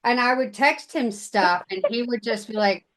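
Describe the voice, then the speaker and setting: A woman hosting a podcast who tells stories in an excitable, animated way. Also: fairly high pitch, moderate pace. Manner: excitable, animated storytelling with big quoted outbursts. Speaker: podcast host. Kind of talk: casual chat.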